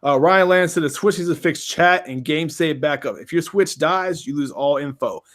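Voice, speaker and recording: A man runs a loose gaming podcast, talking in a slightly higher register. He rambles through his points and stops to read questions from the live chat. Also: lively intonation, normal speed, fairly bright tone. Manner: rambling, reads viewer chat questions aloud. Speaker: podcast host.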